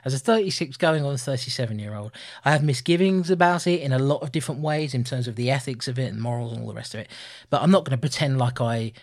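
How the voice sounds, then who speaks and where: A man in his thirties co-hosting a casual film review podcast, animated and laughing often. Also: medium pitch, fast. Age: 30s. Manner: animated, laughing, puts on voices for quotes. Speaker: podcast co-host.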